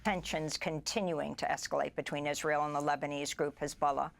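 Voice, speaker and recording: A news anchor reading headlines in a measured, formal broadcast style. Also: medium pitch, little pitch movement, vocal fry, a bit bright.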